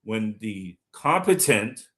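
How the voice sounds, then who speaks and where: A man's voice: lowish voice, big pitch swings, takes it slowly. Fiery, combative male political commentator. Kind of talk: live-streamed political talk.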